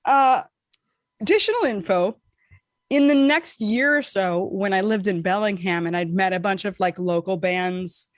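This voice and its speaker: A woman podcast co-host telling a casual, animated story, swearing freely and acting out what people said. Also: normal speed, dry recording, studio quality. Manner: animated, profane, acts out quotes with big pitch swings.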